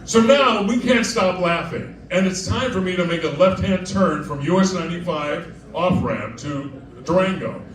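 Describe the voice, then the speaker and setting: A man's voice: sits high, normal speed, hardly any pauses. A man performing live comic storytelling at a club, chatty and digressive, often laughing as he talks. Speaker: cabaret performer. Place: club stage with diners. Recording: echoey live room, distant mic, crowd noise.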